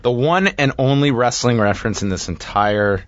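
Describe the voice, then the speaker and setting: A man's voice: mid-range voice, lively intonation, normal speed, dry recording, highs cut off. A man co-hosting a casual chat, throwing in dry, sarcastic quips. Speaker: podcast co-host reviewing a film.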